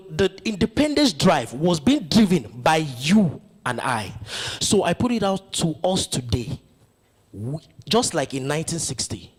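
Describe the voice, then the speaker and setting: A man's voice: a little high, husky. A man giving a motivational conference speech, stirring the audience with rhetorical questions. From Nigeria. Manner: rousing, full of rhetorical questions. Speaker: conference speaker.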